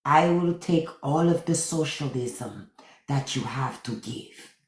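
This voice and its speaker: A woman putting on a breathy, lovestruck voice as a swooning first lady, recorded in a roomy space. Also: a bass voice, expressive, slow pace, voice pushed down, heavily acted. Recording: roomy echo.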